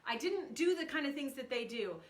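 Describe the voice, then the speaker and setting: A woman's voice: sits high, lively intonation, fairly quick. A woman in her thirties hosting a casual livestream from a room at home, chatty and emotional, greeting viewers by name as she talks. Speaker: livestream host.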